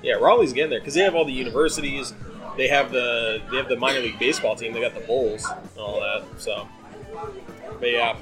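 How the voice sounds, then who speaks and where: Male podcast host, mid-pitched, loose rambling chat with frequent laughs, music behind. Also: a little fast. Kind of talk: casual chat.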